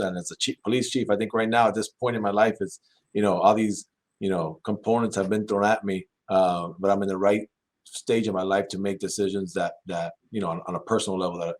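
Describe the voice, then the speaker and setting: Earnest low-voiced police chief, man. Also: darkish tone. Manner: earnest, measured, urging parents. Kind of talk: panel discussion.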